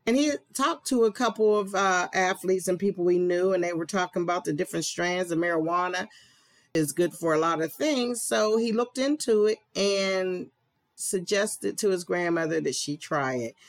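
A woman's voice: lowish voice, moderate pace. A woman introducing a story in a casual, conversational way.

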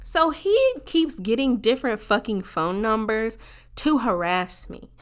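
A woman telling a personal story to her viewers in a casual, animated, profane way, often saying y'all. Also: on the high side, measured pace.

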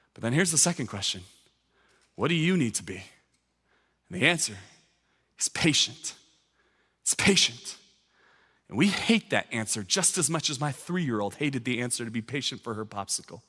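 Fervent male pastor, bright reverberant voice. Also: medium pitch, expressive, moderate pace, pauses often, breathy edge. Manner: storytelling, then rising to fervent exhortation. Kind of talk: sermon. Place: church sanctuary. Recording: long hall reverb.

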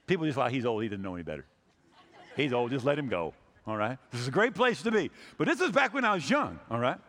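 A man's voice: mid-range voice, sing-song, quick pace, fairly bright tone, big-room sound. A man in his sixties, a pastor preaching a sermon, telling stories and acting out the people he quotes, often repeating his words as he goes. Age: 60s.

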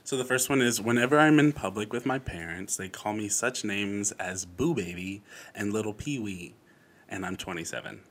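A man co-hosting a podcast, reading listener letters quickly and laughing along in casual chat. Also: fairly low pitch.

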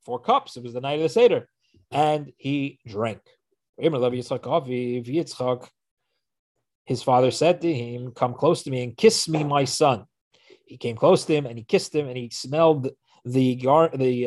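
A man teaching a fast-paced scripture class, retelling the verses and acting out the dialogue. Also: mid-range voice, a little mellow. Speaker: Torah teacher.

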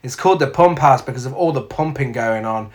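A man's voice: medium pitch, brisk. A man, casually recapping a film's plot with sweary, sardonic asides. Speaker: podcast co-host. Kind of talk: casual film review chat.

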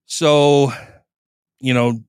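A man's voice: medium pitch, fairly even intonation, very slow, a little mellow, smooth, no room sound, clean studio sound. A man hosting a podcast, casually retelling a court case in a conversational, profane way and briefly acting out the people he quotes. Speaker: podcast host.

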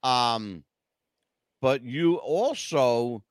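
A man's voice: mid-range voice, animated, extremely slow, no echo. A man in his sixties hosting a podcast, talking in a laid-back, teasing way. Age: 60s. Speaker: podcast host. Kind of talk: casual chat.

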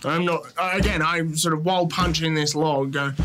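A man playing a tabletop game, talking quickly and haltingly with many fillers. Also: fairly high pitch, steady tone, music in the background. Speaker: player.

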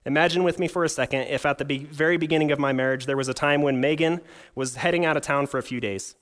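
Talking fast with a slightly high, steady and fairly bright voice, a young adult pastor delivers a sermon. He mixes scripture readings with rhetorical questions and a humorous story from his own life.

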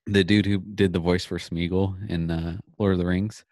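Dry rambling low-voiced man. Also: flat delivery, darkish tone, no echo. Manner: rambling, halting restarts. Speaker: podcast co-host. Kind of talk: casual chat.

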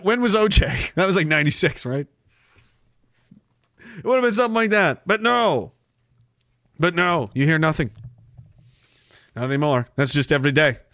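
A man's voice: sits high, normal speed, pauses often, a bit bright, no room sound, studio quality. A man in his forties hosting a livestream, reading viewer comments aloud with profane, sarcastic banter and frequent laughter.

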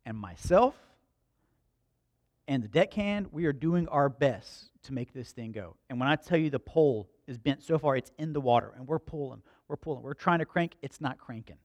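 Lively storytelling male preacher. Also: medium pitch, normal speed, dry recording. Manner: animated, conversational storytelling with humor. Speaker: pastor. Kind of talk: storytelling sermon.

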